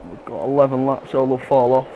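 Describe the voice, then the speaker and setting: Casual male co-commentator, mid-pitched. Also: fairly quick, narrow, tinny audio, slight background noise. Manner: casual, chatty, short replies. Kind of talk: live sim racing commentary. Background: background music.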